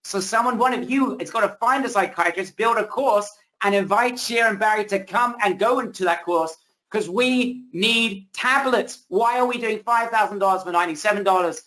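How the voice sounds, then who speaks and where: A man hosting a webinar, giving a pushy, excited sales pitch over a video call while his voice is wearing out. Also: moderate pace. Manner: hyped, pushy salesman hype. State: losing his voice. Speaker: webinar host. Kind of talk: hard-sell webinar pitch.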